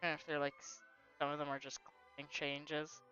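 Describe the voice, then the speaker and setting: A woman's voice: low-pitched, level tone, a little fast, pushed and bright. A woman casually commenting on a game playthrough and reading its dialogue aloud in a playful way. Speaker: gaming host. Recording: dull lo-fi with faint game music.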